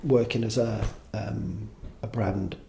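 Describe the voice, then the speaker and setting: A man's voice: fairly low pitch, steady tone, slow pace, gravelly, mellow, slight background noise. A man in his fifties, a podcast guest, chatting casually in a rambling way, swearing freely and making fun of himself. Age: 50s. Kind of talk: casual conversation.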